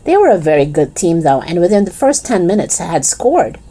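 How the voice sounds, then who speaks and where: A woman with a low, dark voice reads a children's chapter book aloud at an easy storytelling pace. She now and then turns aside to chat playfully with the reader. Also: very animated, normal speed.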